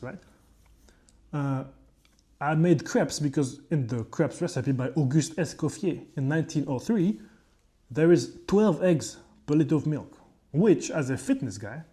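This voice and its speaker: Young French-accented male vlogger, mellow and dark, slightly high, rambling and swearing casually. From France. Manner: rambling and profane, with frequent asides. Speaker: chef and fitness creator. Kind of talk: casual vlog monologue.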